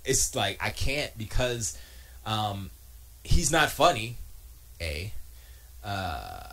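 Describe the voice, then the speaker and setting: Animated man ranting casually. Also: fairly low pitch, extremely slow, vocal fry. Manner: animated, restarts a lot, mocking asides. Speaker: streamer and podcast host. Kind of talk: casual rambling commentary. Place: home studio.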